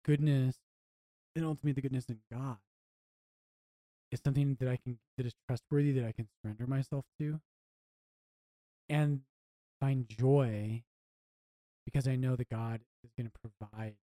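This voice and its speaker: A man's voice: medium pitch, steady tone, normal speed, long pauses, mellow, no echo. A man, a priest co-hosting a podcast, talking earnestly and reflectively, often restarting his phrases. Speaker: priest co-host.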